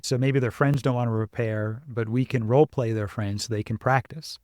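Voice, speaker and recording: A man co-hosting a parenting podcast, explaining ideas in a casual, animated way and acting out family scenes. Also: medium pitch, fairly quick, hardly any pauses, no echo, studio quality. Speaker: podcast co-host, parenting coach.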